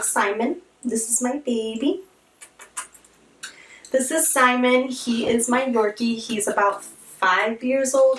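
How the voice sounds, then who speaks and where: A woman's voice: medium pitch, recorded from a distance. A young woman speaks candidly to her viewers in a chatty, heartfelt way. Her voice is picked up from a little way off the mic in a reverberant room, with faint music underneath. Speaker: vlogger. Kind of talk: casual vlog talk to camera.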